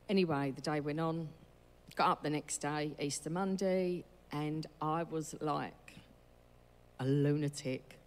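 Low-voiced woman in a reverberant church hall. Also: steady tone, a little slow, slight background noise. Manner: rambling, chatty storytelling with self-corrections. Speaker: church member giving testimony. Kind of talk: personal testimony.

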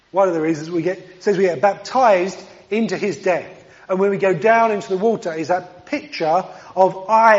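A man preaching a sermon in an earnest way, with self-deprecating asides. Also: sits high. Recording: dull sound with long hall reverb.

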